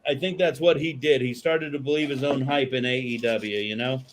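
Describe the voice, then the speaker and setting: A podcast host chats casually in a steady, mid-range voice at a fairly quick pace, with slight background noise. He rambles and swears freely, with lots of fillers and restarts.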